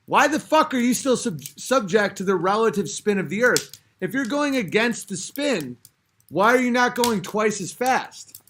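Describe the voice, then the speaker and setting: A young man with a notably high voice rants on a livestream, a few drinks in. He swears constantly and trips over restarts as he reacts to his chat in exasperation. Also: animated, moderate pace, a bit bright, slight background noise. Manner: profane, exasperated ranting with restarts. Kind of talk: livestream rant.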